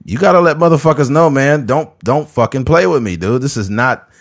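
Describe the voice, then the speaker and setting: A man's voice: medium pitch, brisk. A man in his thirties hosting a podcast in casual chat, blunt, profane and emphatic. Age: 30s. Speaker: podcast host.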